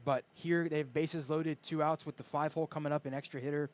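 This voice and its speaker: A man's voice: a little high, steady tone, fast. A man giving chatty, analytical color commentary on a live baseball game.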